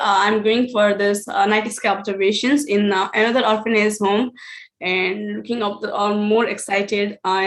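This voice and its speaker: A woman telling an online star party about her outreach work, speaking hesitantly with many fillers over a video call. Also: medium pitch. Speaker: outreach presenter.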